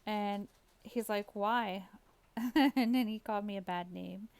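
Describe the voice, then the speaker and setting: Woman with a creaky voice telling a story. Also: mid-range voice, slow pace, darkish tone, no room sound. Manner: reads out chat messages, often laughing. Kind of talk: casual storytime vlog.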